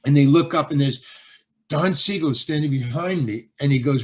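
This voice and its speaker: An older man, an actor and stand-up comedian, tells a story during an interview, halting and repeating words while acting out both sides of the dialogue. His voice is fairly high, a bit bright, and husky.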